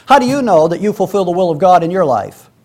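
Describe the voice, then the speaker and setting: Man, high-pitched voice, Bible class teacher, conversational, restarts and asides. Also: expressive, fast talker, a little mellow. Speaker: preacher teaching a Sunday school class. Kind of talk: Bible teaching, reading scripture aloud.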